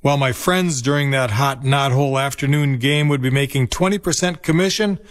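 A man's voice: mid-range voice, fairly quick. A man in his fifties from Minnesota, reading a nostalgic personal story in a reflective manner. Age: 50s. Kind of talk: scripted personal narration.

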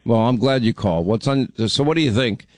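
A man's voice: mid-range voice, brisk, a little mellow, no room sound. A man hosting a call-in radio show, chatting and joking with callers in a rambling, friendly way. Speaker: radio talk show host.

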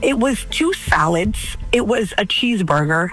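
A woman's voice: medium pitch, expressive, measured pace, a bit bright, soft background music, rough recording. A woman telling a personal story on a radio show in an earnest, suspicious way.

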